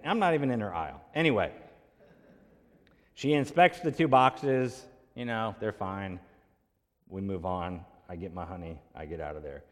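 A man preaching a sermon as pastor, telling a story in a conversational way and acting out the quoted voices. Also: medium pitch. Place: church sanctuary. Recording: long hall reverb.

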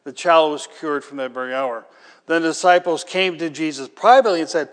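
A man with a high, light voice delivers a sermon as pastor. He talks conversationally and throws in rhetorical questions, then builds to emphatic, ringing peaks. His words trail off into the long reverb of a large church hall. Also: a little fast.

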